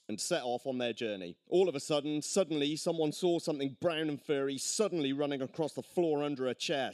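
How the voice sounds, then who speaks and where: A man reading his own crude comic horror story aloud at a live storytelling night, gleeful and deadpan about the gore. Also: on the high side, no room sound, studio quality.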